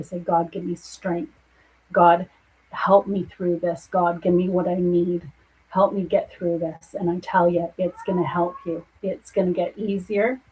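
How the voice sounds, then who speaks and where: A woman's voice: fairly low pitch, slightly rough, narrow, tinny audio. A middle-aged woman, a psychic medium, giving earnest and reassuring spiritual readings to viewers in a soothing way.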